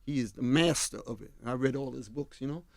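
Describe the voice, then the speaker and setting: An older man from Harlem, unhurried and storytelling as a radio interview guest, often dropping to a low, confiding tone. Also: vocal fry, a little mellow, dry recording, studio quality. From Harlem, New York. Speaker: guest, fashion designer. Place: radio studio. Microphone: studio mic.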